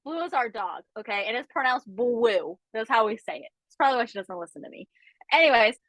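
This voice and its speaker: High, lively woman telling a story. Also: brisk, dry recording, poor audio. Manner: animated, chatty, with frequent asides. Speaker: podcast co-host. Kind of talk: casual chat, storytelling.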